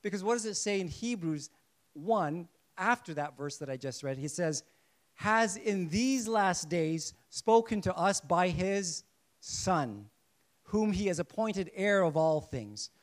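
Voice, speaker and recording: A man delivering a sermon with a fairly high voice. He preaches in a lively way, putting questions to the congregation and slipping in jokes. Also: unhurried. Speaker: pastor.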